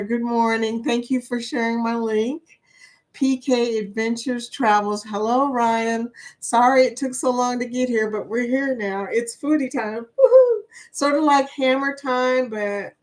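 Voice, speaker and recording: A woman hosts a live stream in a chatty, excitable way. She greets her viewers one by one and lets out whoops and laughs. Her pitch sits in the middle range for a woman. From Kentucky, USA. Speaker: livestream host. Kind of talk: casual live-stream chat.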